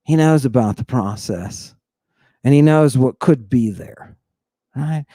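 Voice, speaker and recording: A man giving an informal slide lecture in an emphatic, teasing way, pausing for rhetorical questions and asking "right?" again and again. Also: medium pitch, lively intonation, warm tone, no echo, studio quality. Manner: teasing, addresses the audience directly.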